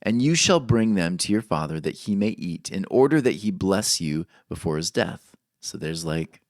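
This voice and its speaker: A man's voice: deep voice, big pitch swings, normal speed, no room sound, studio quality. A man preaching a sermon, reading scripture aloud expressively and stopping to comment on it. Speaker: pastor.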